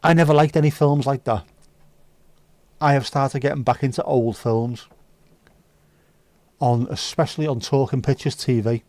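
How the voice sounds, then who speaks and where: A man's voice: medium pitch, steady tone, normal speed, long pauses, a little mellow, no echo. A man hosting a livestream, reading viewer comments aloud with sweary, jokey banter. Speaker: livestream host. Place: indoors.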